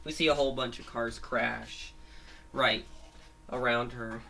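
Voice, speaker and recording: A man's voice: mid-range voice, fairly even intonation, a little slow, gravelly, noisy background. A man casually retelling a monster story of his own, rambling with frequent restarts and fillers, at home with his grandmother nearby.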